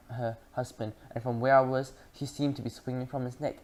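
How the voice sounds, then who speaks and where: Reader with lively, stumbling storytelling. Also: mid-range voice, brisk. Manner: lively, with frequent slips and restarts. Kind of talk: reading a children's book aloud.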